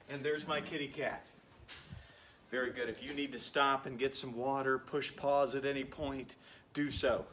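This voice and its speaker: A PE coach counts reps and encourages his class while doing the workout himself in an instructional video. His mid-range voice has fairly even intonation, a normal speed, and a fairly bright tone. The room is echoey and picked up from a distance, with a little hiss or hum.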